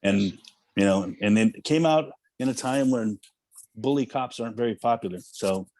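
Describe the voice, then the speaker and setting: A man's voice: mid-range voice, moderate pace, a little mellow, no room sound. A man guesting on a talk show as an actor, talking casually and self-deprecatingly with many fillers. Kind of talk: casual interview chat.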